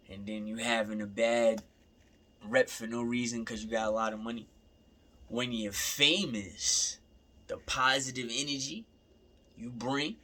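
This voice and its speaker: A man's voice: mid-range voice, sharp tone. A young man in a casual, rambling rant, repeating himself and swearing freely. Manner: rambling, repeats himself, profane, laughing asides.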